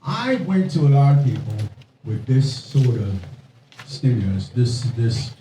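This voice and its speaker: A man's voice: medium pitch, very animated, measured pace. A man hosting a fundraising reception, addressing guests in a playful, emphatic way. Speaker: event host. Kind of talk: introductory remarks at a fundraising reception. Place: indoor reception room. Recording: echoey room from a distance, crowd and noise.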